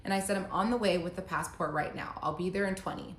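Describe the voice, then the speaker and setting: A woman's voice: lowish voice, fast talker. A woman telling her own breakup story in a casual monologue, emotional, reading messages aloud in her own voice. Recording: echoey room.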